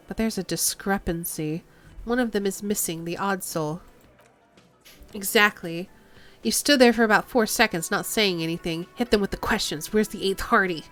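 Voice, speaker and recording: A woman streamer narrates a video game in a quiet, reflective voice of middling pitch. She reads the text at an easy pace and adds her own remarks now and then. Faint music plays underneath. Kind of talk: reading a video game aloud.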